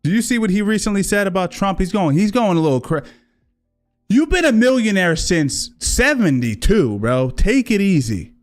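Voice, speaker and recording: A man's voice: high-pitched, expressive, brisk, hardly any pauses, faint music behind. A man hosting a livestream, reacting to clips in a rambling, casual way, often correcting himself and swearing. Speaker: livestream host.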